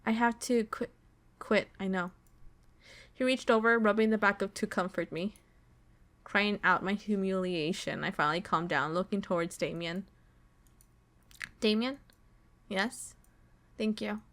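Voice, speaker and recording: A woman streamer reads a visual novel's story text aloud in a slow, dramatic voice at an ordinary middle pitch. She stops now and then to swear and react to the story. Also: steady tone, fairly bright tone. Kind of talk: reading game text aloud with live reactions.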